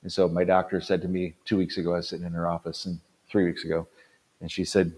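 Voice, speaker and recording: A man around sixty, a pastor giving an earnest talk to other pastors, stressing points by repeating them and swinging between loud punches and quiet drops. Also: low voice, flat delivery, quick pace. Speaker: pastor and conference speaker.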